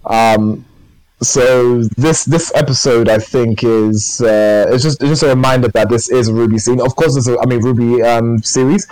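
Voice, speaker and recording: A man's voice: medium pitch, steady tone, moderate pace, a little mellow, dry recording, rough recording. A man co-hosting a podcast, chatting casually and enthusiastically in a rambling way. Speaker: podcast co-host. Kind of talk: casual chat.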